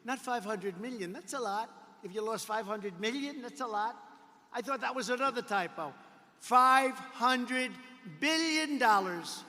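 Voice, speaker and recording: A man giving a boastful, repetitive rally speech full of mocking asides and sudden bursts of shouting. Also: very high-pitched, measured pace. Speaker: politician addressing a campaign rally. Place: large indoor arena rally. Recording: long arena reverb.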